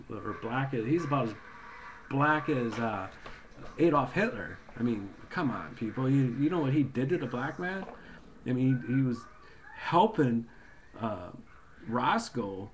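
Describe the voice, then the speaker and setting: A man's voice: mid-range voice, a little slow, a little hiss or hum. A man ranting in a casual, rambling and heated way into a webcam, repeating himself as he goes. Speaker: video blogger. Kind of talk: casual political rant.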